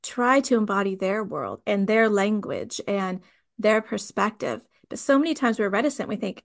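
A woman's voice: mid-range voice, expressive, normal speed, gravelly. A woman hosting a podcast, reflecting on ideas in a thoughtful, conversational way. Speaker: podcast host. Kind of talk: casual conversation.

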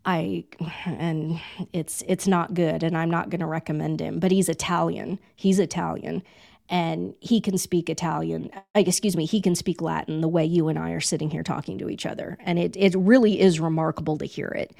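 A woman's voice: lowish voice, fairly even intonation, normal speed, gravelly, a little mellow. A middle-aged woman hosting a podcast in casual conversation, emphatic and given to repeating phrases for effect. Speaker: podcast host.

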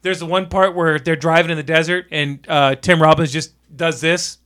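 A man's voice: fairly high pitch, normal speed, dry recording, clean studio sound. A man co-hosting a casual movie review chat, retelling scenes with laughs. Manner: animated retelling of scenes with quoted voices and laughs. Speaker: podcast co-host.

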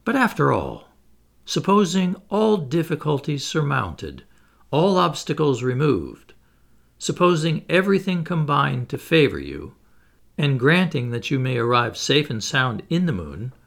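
Stubborn heckler, pushy and doubting, read by a man, gravelly and lively, pitched a touch higher. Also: a little slow, exaggerated voice. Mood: insistent. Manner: challenging, insistent questions. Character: hostile skeptical male heckler, stubborn.

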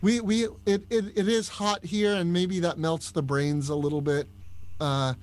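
A man with a Long Island accent, a podcast guest telling stories in a casual, animated chat. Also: high-pitched, unhurried. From Long Island, New York. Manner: storytelling, animated, with restarts. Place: Orlando, Florida.

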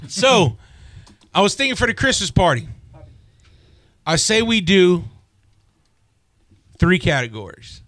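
A man's voice: sits high, sing-song, slow, long pauses, a bit bright, dry recording. A man hosting a radio show, joking and teasing. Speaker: radio host. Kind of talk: casual radio banter. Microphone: studio mic.

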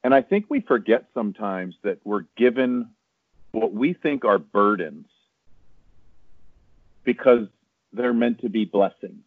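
A man speaking as a guest, earnest and reflective, pausing and restarting as he thinks. His voice sits a little low, heard dry over a tinny phone line. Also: dry recording. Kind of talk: reflective conversation.

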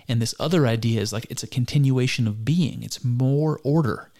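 Man, middle pitch, reflective commentary; earnest, musing, halting delivery. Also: mellow. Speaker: speaker discussing mysticism. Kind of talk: reflective spoken commentary on a text.

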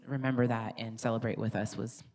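Very low-voiced woman sharing earnestly. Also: fairly even intonation, a little fast, a little hiss or hum. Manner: soft, earnest, with many fillers. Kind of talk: casual sharing in a group.

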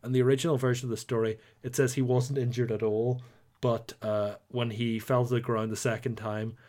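A young man with a Northern Irish accent, co-hosting a podcast in a chatty, animated way. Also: medium pitch, brisk. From Northern Ireland. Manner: chatty, animated storytelling with playful put-on voices. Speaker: podcast co-host. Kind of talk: casual chat.

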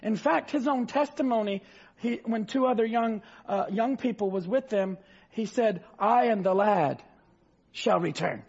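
High husky fervent male preacher. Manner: fervent, rising to shouts, drawls scripture slowly. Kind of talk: sermon. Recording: dull lo-fi sound.

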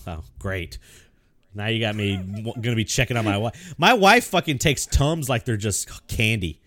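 A man's voice: fairly low pitch, moderate pace, no room sound, clean studio sound. A young man co-hosting a podcast, telling stories in casual chat with lots of swearing and laughter. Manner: animated storytelling, swears often, laughs. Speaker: podcast co-host.

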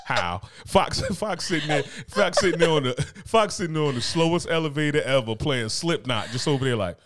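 Profane, animated joking man. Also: on the high side, fairly quick, a little hiss or hum. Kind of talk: casual banter.

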